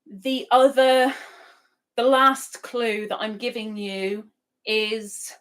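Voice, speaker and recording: A woman's voice: a little high, steady tone, slow, fairly bright tone. A woman hosting a casual live stream, chatting and reading out viewer comments with frequent laughs. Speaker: livestream host. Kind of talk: casual live-chat talk.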